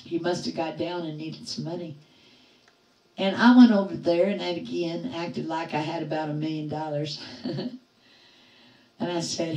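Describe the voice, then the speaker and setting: A middle-aged woman hosting a livestream, telling a story to her chat in a lively way, acting out the voices she quotes and laughing often. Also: sits low, moderate pace, pauses often, reverberant, distant mic, low-quality recording. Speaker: livestream host. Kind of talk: casual storytelling to live chat.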